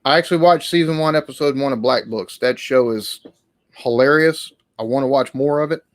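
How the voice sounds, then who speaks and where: A man's voice: mid-range voice, fairly quick, dry recording. Guy rambling thru a live q&a stream, lots of ums and restarts, dry close sound. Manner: rambling, hesitant, with many restarts and fillers.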